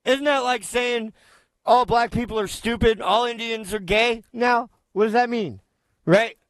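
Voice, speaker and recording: A man's voice: extremely high pitch, dry recording. A man doing reaction commentary, talking in a sarcastic, profane, ranting way.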